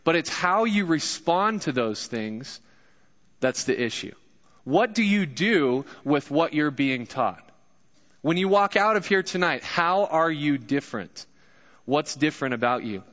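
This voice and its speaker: A young man preaches with a bright, forceful voice, chatting casually and joking with the congregation. His voice rings through a large church hall with a long echo, and the recording sounds a little dull. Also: a little high, expressive, measured pace. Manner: casual, joking, addresses crowd directly. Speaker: guest pastor. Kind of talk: sermon.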